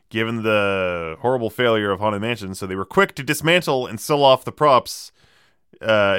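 A man with a fairly low but bright, ringing voice hosts a casual movie podcast. He reels off trivia with sardonic asides and loose fillers. The sound is clean and dry, close on the mic. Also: smooth, dry recording. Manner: wry, sardonic storytelling with lots of fillers.

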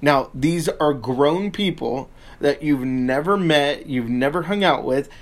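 A man's voice: fairly high pitch, slow. A man co-hosting a casual chat, telling a story in a dry, wry way. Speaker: podcast co-host.

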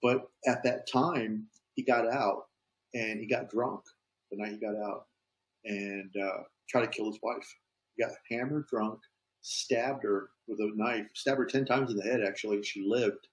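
A man's voice: fairly low pitch, fairly even intonation, unhurried, low-quality recording. A police officer telling a story in a casual, easygoing way, often tossing in "man". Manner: easygoing, peppers talk with "man".

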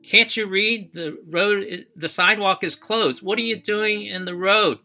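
A man voicing an angry female traffic cop who yells scolding questions, in a spoken personal story. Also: high voice, measured pace, pitched above the performer's own voice, exaggerated voice. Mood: yelling, scolding.

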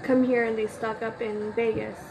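High-voiced woman teasing on a livestream. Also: little pitch movement, normal speed, a loud crowd, rough recording. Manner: teasing, laughs easily. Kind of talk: casual chat. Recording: phone livestream audio with clear background noise.

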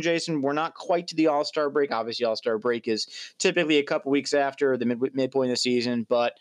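A man's voice: medium pitch, no room sound. A man in his thirties co-hosting a casual sports podcast, joking and rambling. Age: 30s. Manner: jokey, rambling, trails off. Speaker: podcast co-host.

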